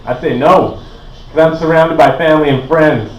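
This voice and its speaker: Young man from Canada, easygoing stand-up with a slightly high voice, mic at some distance in an echoey room. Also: moderate pace, lo-fi sound. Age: 20s. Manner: laid-back and rambling, full of "like" and "uh". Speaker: stand-up comedian. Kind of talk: stand-up comedy set. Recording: roomy echo, voice from a distance.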